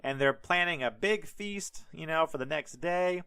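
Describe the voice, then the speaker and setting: A man's voice: fairly high pitch, a little slow, creaky, clear, resonant tone. A man hosting a podcast who retells scripture in a casual, irreverent, profane way, full of "like" and asides. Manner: animated, irreverent, profane, many fillers. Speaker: podcast host. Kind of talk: casual comedic Bible retelling.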